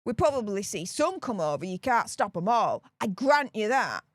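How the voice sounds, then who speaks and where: A woman's voice: medium pitch, very animated, moderate pace, dry recording, clean studio sound. A woman with a Northern English accent giving opinionated political commentary, ranting indignantly and repeating her points for emphasis.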